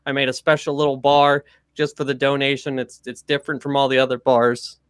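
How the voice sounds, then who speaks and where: A man's voice: mid-range voice, level tone, a little fast, fairly bright tone, clear, resonant tone, no echo, clean studio sound. A man hosting a charity livestream in an easygoing way, laughing often and thanking donors. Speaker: livestream host. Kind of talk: casual chat.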